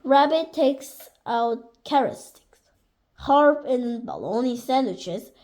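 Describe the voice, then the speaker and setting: High-voiced woman reading a storybook slowly. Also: lively intonation, darkish tone. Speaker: storybook reader. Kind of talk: children's picture-book read-aloud.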